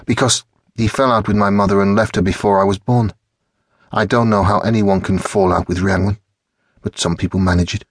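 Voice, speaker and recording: A man's voice: on the low side, steady tone, a little fast, slightly rough, dry recording. A man voicing a teasing, moody teenage boy in an audiobook, dry and wry. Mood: brooding. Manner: teasing, then brooding.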